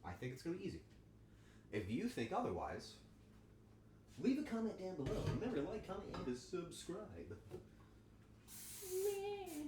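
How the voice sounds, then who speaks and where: A man's voice: sits high, moderate pace, long pauses, echoey room, noisy background. A man livestreaming while he cooks, chatting casually and crudely with his viewers in a joking way. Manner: crude, joking, animated banter with chat. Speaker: streamer. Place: home kitchen.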